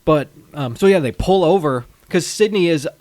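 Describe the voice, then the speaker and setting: A man with a slightly high voice that rises and falls a lot chats about a movie on a podcast, laughing easily and throwing in quoted lines. The recording is dry and close, with no room echo. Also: moderate pace. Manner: lively, laughs often, quotes characters. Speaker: podcast co-host. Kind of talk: casual movie podcast chat.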